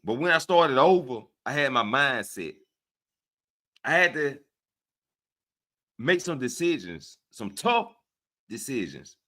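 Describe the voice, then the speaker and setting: A man with a Southern US accent hosting a casual livestream, speaking to his viewers in an animated, preachy way and often checking in with them. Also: mid-range voice, takes it slowly, pauses often. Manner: animated and preachy, often asks "right?" of listeners. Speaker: livestream host. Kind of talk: casual livestream talk to chat.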